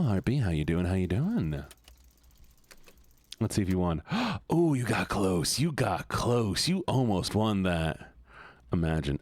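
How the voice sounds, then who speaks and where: Young man, game streamer, casual chatty talk, bouncy animated pitch, dry close-miked voice. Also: no room sound. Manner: chatty, talks to chat, laughs and swears often. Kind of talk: casual live-stream chat while gaming.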